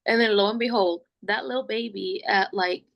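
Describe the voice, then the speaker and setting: A young woman with a gravelly, fry-edged voice talks through her pregnancy as a podcast guest. She is chatty and open, leaning on "like" and laughing easily. Her pitch sits in an ordinary middle range. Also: moderate pace, dull audio. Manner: chatty, fills speech with "like", laughs often; gets emotional and open. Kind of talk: casual personal storytelling.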